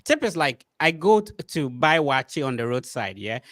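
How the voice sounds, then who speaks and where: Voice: mid-range voice, big pitch swings, moderate pace, no room sound, studio quality. An interview host from Ghana, asking questions in a curious, playful way during casual chat.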